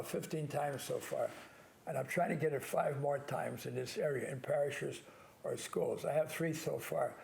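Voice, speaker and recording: An older man, a priest hosting a call-in show alone, giving earnest advice and slowly stressing key words. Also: on the high side, gravelly, a little mellow.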